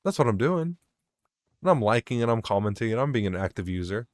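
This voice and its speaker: A man's voice: medium pitch, big pitch swings, fairly quick, no echo. A young man rambling and swearing as he vents about work over his gameplay commentary. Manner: rambling, swearing, venting, self-mocking. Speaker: gaming vlogger.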